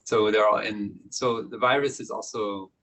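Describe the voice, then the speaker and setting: Man, monastic teacher, dharma talk, low pitch, gravelly, gentle, pausing. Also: fairly even intonation, rough recording. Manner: gentle, reflective, many pauses and soft laughs.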